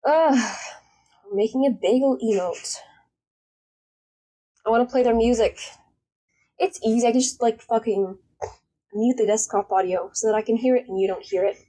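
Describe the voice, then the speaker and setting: A woman's voice: on the high side, fairly even intonation, a little fast, dark tone, rough recording. Blunt, cursing young woman streamer. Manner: blunt, rambling, swears casually. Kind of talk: casual live-stream chat.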